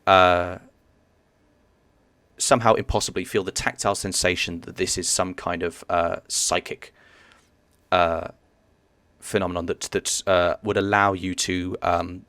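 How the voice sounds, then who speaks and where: A man narrating as game master of a tabletop game, halting and searching for words as he describes the scene. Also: deep voice, level tone, creaky, sharp tone, dry recording.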